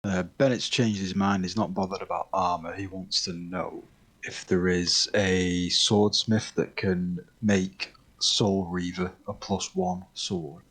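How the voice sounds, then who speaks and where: Low flat guy playing a tabletop game over a call, kinda husky. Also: slow. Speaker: player.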